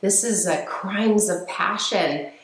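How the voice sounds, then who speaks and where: Slow, gentle woman in an echoey room. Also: mid-range voice. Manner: slow, gentle, with frequent fillers and restarts. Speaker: speaker on emotional healing. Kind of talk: reflective teaching talk.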